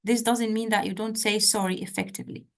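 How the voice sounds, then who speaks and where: A woman's voice: mid-range voice, fairly even intonation, quick pace, gravelly. A woman tutor giving direct, coaching feedback in an online session, often checking in with "okay?", heard over a video call. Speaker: medical exam tutor.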